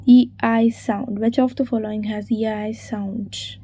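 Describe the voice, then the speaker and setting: A woman's voice: on the high side, fairly even intonation, measured pace, mellow, a little hiss or hum. A woman reading exam quiz questions and answers aloud, spelling words out letter by letter. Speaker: exam revision narrator.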